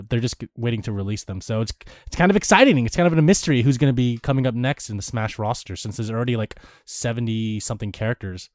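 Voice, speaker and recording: A man's voice: medium pitch, no room sound, studio quality. A young man on a podcast, chatting casually about games and rambling with restarts and fillers. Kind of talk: casual gaming chat.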